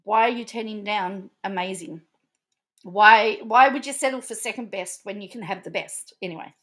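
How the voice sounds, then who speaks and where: A woman's voice: medium pitch, moderate pace, fairly bright tone. Emotional woman chatting on a live stream. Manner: emotional, laughing, repeats herself. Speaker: vlogger. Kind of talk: casual live-stream chat.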